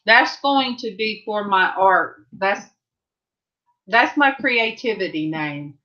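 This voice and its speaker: In a medium-pitched voice that's pushed and bright, with lively intonation but a slow pace, a middle-aged California woman livestreams from her home craft room. She rambles casually while answering viewers' comments, over slightly dull lo-fi audio.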